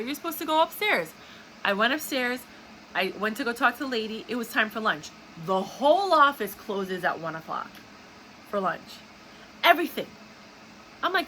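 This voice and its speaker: A woman's voice: a little high, bright, forceful tone, a little hiss or hum, rough recording. A young woman telling a story in an angry, indignant monologue full of swearing. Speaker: video host. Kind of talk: casual ranting monologue.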